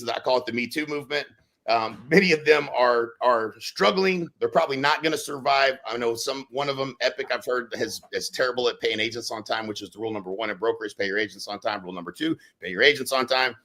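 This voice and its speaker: A man speaks in a bright, forceful voice. He talks casually and keeps things animated, breaking into loud acted-out quotes as he tells stories on a podcast. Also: mid-range voice, brisk. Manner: animated, acts out quotes with sudden loud bursts. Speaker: real estate brokerage leader on a podcast.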